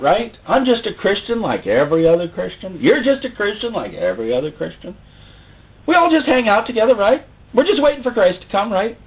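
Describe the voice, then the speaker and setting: A man preaching a sermon, theatrical, full of rhetorical questions. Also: high voice. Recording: tinny phone-like sound.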